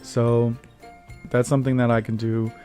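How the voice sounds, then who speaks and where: A young man chats casually on his own vlog, telling stories with lots of laughter and bursts of louder acted-out dialogue. His voice sits at an ordinary middle pitch. Soft music plays faintly behind him. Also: normal speed. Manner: animated, laughs often, acts out quotes in raised voice. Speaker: vlog host. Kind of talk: casual storytelling monologue.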